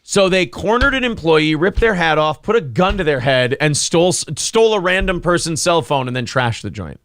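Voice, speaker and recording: A man's voice: a little high, animated, normal speed, a bit bright, no room sound, studio quality. A man hosting a live-streamed talk show, chatting casually with brash, profane humor and reading out donations. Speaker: podcast host.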